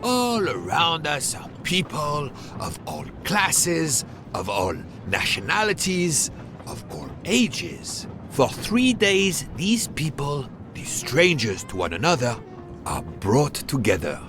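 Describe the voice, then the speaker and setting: An actor voicing a middle-aged railway director in a video game, speaking in an expansive, theatrical way. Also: male voice, fairly high pitch, huge pitch swings, slow, heavily acted. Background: game music.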